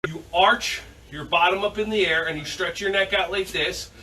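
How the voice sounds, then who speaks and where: This kids' yoga instructor has a high, bright, forceful voice at a normal pace, keeping the class lively with fun prompts and silly animal impressions. He was captured on a distant camera mic, with faint noise behind him.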